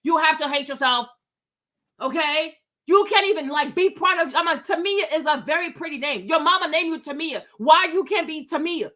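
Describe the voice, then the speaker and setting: High bright-voiced woman ranting on a livestream. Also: moderate pace. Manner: emphatic, repeats rhetorical questions. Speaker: livestream host. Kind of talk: opinionated livestream commentary. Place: outdoors.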